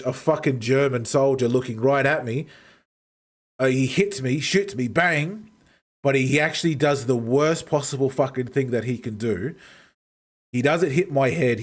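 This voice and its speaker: Man, stream host, casual chat, rambling stories, lots of swearing, mid-pitched voice. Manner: rambling storyteller, heavy swearing.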